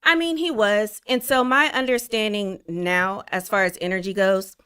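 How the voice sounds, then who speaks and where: A woman's voice: mid-range voice, normal speed, pushed and bright, clear, resonant tone, no room sound, clean studio sound. A woman guest on a podcast, candidly telling her life story in casual talk, leaning on "like" as she goes. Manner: open storytelling, many "like" fillers. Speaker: podcast guest, spiritual consultant.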